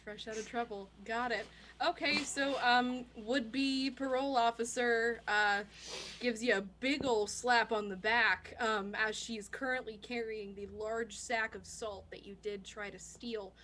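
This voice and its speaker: A woman's voice: a little high, steady tone, measured pace, fairly bright tone, a little hiss or hum. A woman narrating an improvised tabletop game as dungeon master, chatty and giggly.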